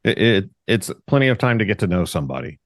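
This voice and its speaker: A man who researches Bigfoot, a podcast guest, explaining things in a measured way. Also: lowish voice, sing-song, no room sound, clean studio sound. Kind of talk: casual podcast chat.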